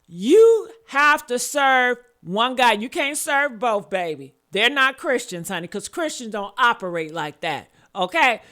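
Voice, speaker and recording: Sassy, animated woman storyteller. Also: on the high side, measured pace, hardly any pauses. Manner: sassy, emphatic, calls listeners honey and baby. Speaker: commentary channel host. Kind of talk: casual storytelling commentary.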